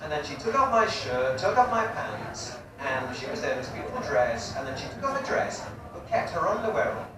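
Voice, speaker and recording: Raunchy guy doing stand-up, fairly high voice, big echoey venue with audience noise in the background. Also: sing-song, a little fast. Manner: chatty, crude, teasing the audience. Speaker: stand-up comedian. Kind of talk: stand-up comedy set. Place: comedy festival venue, live audience. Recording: echoey live room, distant mic, audience noise.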